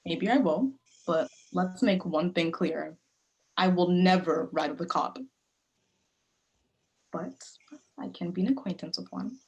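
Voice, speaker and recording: A woman's voice: fairly low pitch, measured pace, long pauses, highs cut off. A woman playing a tough, defiant grieving young woman. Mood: softening. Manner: guarded, blunt, sharp-tongued. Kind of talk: play reading over video call. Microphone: video call mic.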